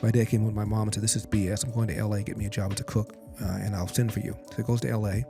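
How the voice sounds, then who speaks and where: Older man telling a story, gravelly voice. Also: lowish voice, little pitch movement. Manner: deliberate, quotes his father in direct speech. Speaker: podcast guest. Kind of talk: storytelling in an interview. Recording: music bed behind the voice.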